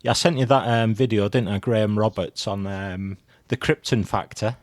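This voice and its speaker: A man's voice: fairly low pitch, normal speed, no room sound. A man co-hosting a podcast, chatting casually in a dry, rambling way and laughing at his own jokes. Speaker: podcast co-host. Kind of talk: casual chat.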